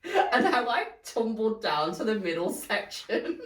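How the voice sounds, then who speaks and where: A woman's voice: on the high side, very animated, measured pace, far from the mic. A young woman, co-hosting a podcast, rambling and laughing through a story told in casual chat. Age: young adult. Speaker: podcast co-host. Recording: echoey room, away from the mic.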